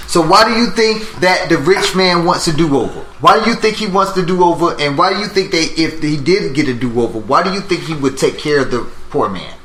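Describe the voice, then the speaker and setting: A man leads a Bible class, drawing answers out of his students with question after question and echoing their replies back. His voice is bright and a little high. The room is echoey, with a faint hiss underneath. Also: lively intonation. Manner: probing, repeats answers back, slows down to stress points. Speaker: teacher leading a Bible study.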